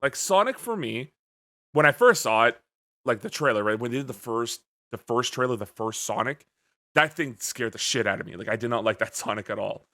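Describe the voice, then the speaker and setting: A man hosting a casual podcast, talking in an animated, jokey way and swearing freely. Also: medium pitch, a little fast. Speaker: podcast host.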